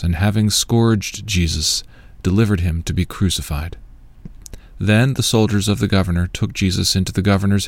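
A man reading a long scripture passage aloud in a measured, solemn way. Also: sits low, darkish tone, no room sound. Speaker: scripture reader.

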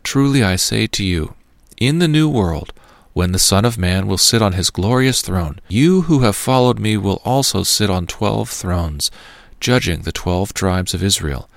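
Jesus, a calm teacher, as a man reads him. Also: on the low side, a little slow, vocal fry, no echo. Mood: solemn teaching.

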